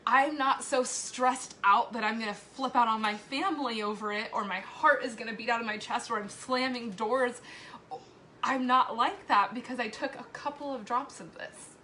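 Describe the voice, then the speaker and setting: Tearful mom on a live video, bright higher voice, candid and swearing, faint noise behind. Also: female voice, moderate pace. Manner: candid and emotional, swearing, frequent laughs. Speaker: mother sharing a personal testimonial. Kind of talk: emotional live video confession.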